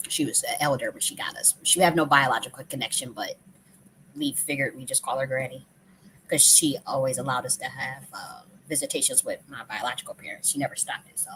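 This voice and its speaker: Speaking with an extremely low pitch, a woman hosts a live stream and tells a personal story casually and emotionally. Her delivery is fairly quick and a bit bright, full of frequent swearing, restarts, and repetitions, with slight background noise behind her.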